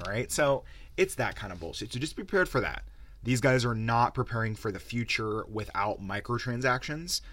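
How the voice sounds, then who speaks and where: Low-voiced man ranting and swearing. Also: fairly bright tone, no room sound. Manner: profane, heated ranting. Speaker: podcast host. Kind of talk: solo gaming podcast rant.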